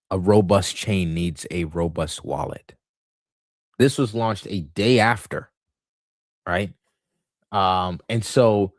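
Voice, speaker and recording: A man's voice: deep voice, dry recording, clean studio sound. A man hosting a casual market commentary livestream, thinking aloud with lots of fillers and restarts, and a touch of hiccups. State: has the hiccups. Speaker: livestream host.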